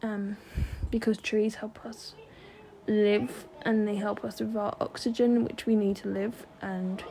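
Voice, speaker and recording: A woman's voice: medium pitch, level tone, measured pace, warm tone, a little hiss or hum. A young woman hosting her own podcast, talking earnestly with many ums and restarts. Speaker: podcast host. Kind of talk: solo podcast monologue.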